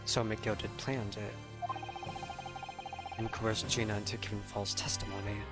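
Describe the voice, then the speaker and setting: A man streaming a story game, chatting casually as he thinks aloud, over loud game music. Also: fairly low pitch, little pitch movement, measured pace. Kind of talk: game commentary.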